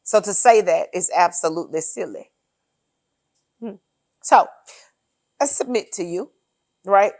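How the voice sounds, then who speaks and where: A woman's voice: fairly low pitch, a little slow, pauses often, a little mellow, no room sound. A woman co-hosting a casual political chat, emphatic and sardonic as she lays out her points one by one. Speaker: podcast co-host.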